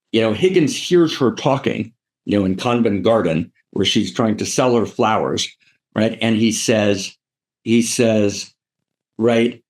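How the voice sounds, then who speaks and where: A man giving a live teaching talk, animated and digressive, with many "you know" and "right" fillers. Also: fairly low pitch, creaky. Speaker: teacher of philosophy.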